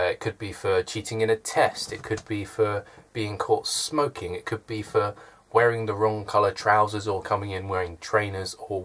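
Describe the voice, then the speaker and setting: Low-voiced young man, dry humour. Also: sharp tone. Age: early 20s. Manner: dry, self-deprecating humour. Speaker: vlogger. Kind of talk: casual chat to camera. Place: his room indoors.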